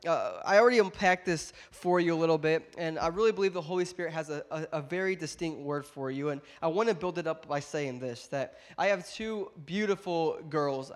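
A young pastor preaching a sermon to his congregation, a little stuffed up from a cold, building to emphatic, loud exhortation between warmer, quieter asides. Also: a little high. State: congested from a cold. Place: church service with a congregation.

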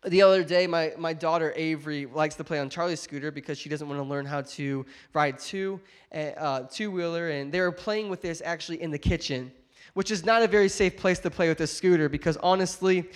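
A male pastor preaching a sermon in a church, telling a family story in an animated, joking way and speaking straight to the congregation. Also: on the high side, a little fast. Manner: animated, jokey storyteller who addresses the congregation directly. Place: church auditorium.

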